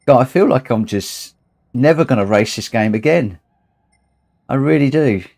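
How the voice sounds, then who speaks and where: A man's voice: mid-range voice, animated, normal speed, a little mellow. A tired man hosting a long charity gaming livestream, chatting casually, rambling and repeating himself as he gets emotional. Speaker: livestream host.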